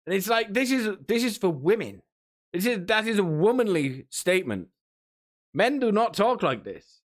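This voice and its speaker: A man's voice: high voice, very animated, moderate pace. A man streaming, rambling and mocking in a casual rant, often laughing between remarks. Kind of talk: casual ranting commentary.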